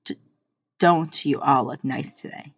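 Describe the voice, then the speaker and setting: A woman's voice: extremely low pitch, measured pace, husky, no room sound, pitched below the performer's own voice, heavily acted. A woman reading aloud gives voice to a kind, patient grown woman schoolteacher in a storybook. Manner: kind, patient, gently amused. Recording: muffled lo-fi recording.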